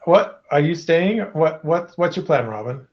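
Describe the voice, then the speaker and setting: A man's voice: a little high, animated, a little slow. A man playing in a tabletop game, talking hesitantly and restarting often. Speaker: player. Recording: slightly dull lo-fi audio.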